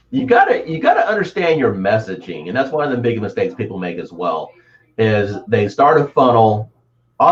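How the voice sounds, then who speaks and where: Animated storytelling man on a lo-fi line. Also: lowish voice. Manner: animated storyteller, acts out voices. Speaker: guest, sales coach. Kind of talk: motivational interview talk. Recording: dull lo-fi audio.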